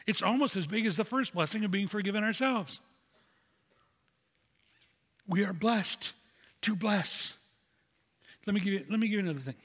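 A man's voice: high voice, expressive, normal speed, long pauses, fairly bright tone. Man, pastor, sermon, storytelling, long church reverb. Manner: earnest, storytelling, repeats key phrases. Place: church sanctuary.

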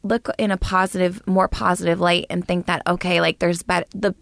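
A young woman in casual podcast chat with a gravelly, fry-tinged voice. She tells childhood stories in a chatty, animated way. The sound is dry and close. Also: on the low side, normal speed, no room sound. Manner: chatty, animated storytelling with many "like"s. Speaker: podcast co-host.

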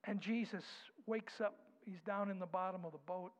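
A man preaching a sermon, dropping to soft whispers and rising to loud, slow declarations. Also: high voice. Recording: dull sound with long hall reverb.

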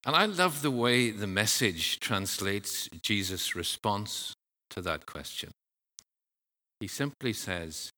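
A male preacher delivering a sermon at an unhurried, deliberate pace. His voice is bright and forward, a little low in pitch, and earnest in its measured phrasing. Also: lively intonation.

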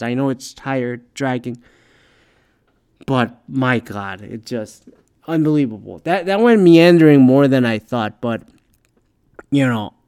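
A man's voice: mid-range voice, clear, resonant tone, dry recording, studio quality. A man hosting a solo podcast in a profane, rambling, exasperated rant, sounding tired. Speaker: podcast host.

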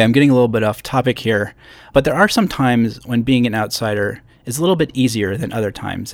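The solo podcast host, a man in his thirties from upstate New York, records from a hotel room on a pop-screened podcast microphone. His voice is on the low side with vocal fry, and he talks conversationally, tossing in self-deprecating asides. No echo is present.

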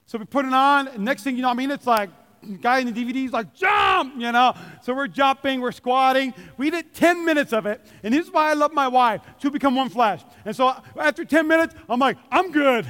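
A man preaching a sermon, animated and joking, calling out to the congregation. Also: very high-pitched, clear, resonant tone. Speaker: pastor. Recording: long hall reverb.

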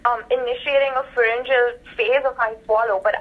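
Woman panelist on dull remote line; higher pitch, challenging. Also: fairly even intonation, brisk. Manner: challenging, pressing a counterpoint. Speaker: clinician on a panel. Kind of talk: casual clinical panel discussion.

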